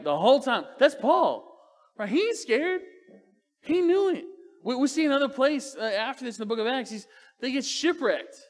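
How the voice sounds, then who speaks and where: A man's voice: high-pitched, fairly bright tone. A male pastor preaching a sermon, telling stories with fire and acting out the quotes. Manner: fiery storytelling, acts out quotes. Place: church sanctuary. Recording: long hall reverb.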